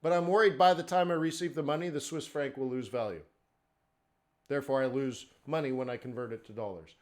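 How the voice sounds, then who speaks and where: A man's voice: mid-range voice, brisk. A man teaching forex trading in a live webinar, talking conversationally and checking in with "okay?" and "right?". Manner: conversational, rhetorical questions, frequent "okay?" and "right?".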